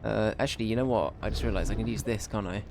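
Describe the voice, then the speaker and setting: A man's voice: lowish voice, fast, background noise. A man streaming a video game, thinking aloud in a casual manner and swearing now and then. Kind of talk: live gameplay commentary.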